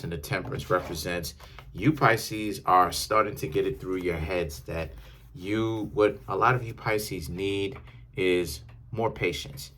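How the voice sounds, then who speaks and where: A man's voice: low-pitched, fairly bright tone, a little hiss or hum. A man giving a casual, rambling tarot reading, often correcting himself as he talks. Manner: rambling, self-correcting, conversational. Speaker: tarot reader.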